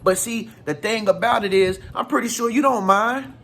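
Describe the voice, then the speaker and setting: Man, high husky voice, slangy and emphatic, motivational vlog talk to viewers. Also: normal speed, a bit bright. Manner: slangy, emphatic, rhetorical questions. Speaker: spiritual advice vlogger.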